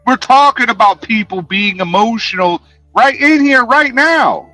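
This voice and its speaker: Man, livestreamer, profane confrontational rant, lively swooping pitch, dry close sound, faint background music. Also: measured pace, dry recording, low-quality recording. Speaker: livestreamer answering chat.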